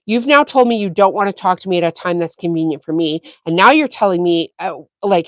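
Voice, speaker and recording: A woman's voice: mid-range voice, no room sound. A chatty woman hosts a casual sewing livestream, spinning a story with plenty of fillers. She acts out quoted dialogue with animation, and her voice sounds close and dry. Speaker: sewing channel host.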